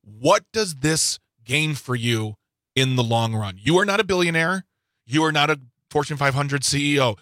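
A man's voice: on the high side, normal speed, fairly bright tone, no room sound. A male panelist posing pointed questions in a political talk show discussion.

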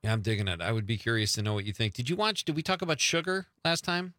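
A man's voice: mid-range voice, quick pace, pushed and bright, no echo, clean studio sound. A middle-aged man hosting a show, chatting casually and laughing easily with his guest. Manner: easygoing, laughs often. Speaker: radio show host. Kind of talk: casual chat.

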